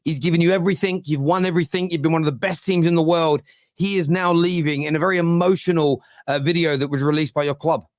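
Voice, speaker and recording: A man hosting a casual football fan show, brisk and taking charge of the talk. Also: fairly high pitch, steady tone, dry recording, studio quality. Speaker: show host. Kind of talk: casual podcast chat.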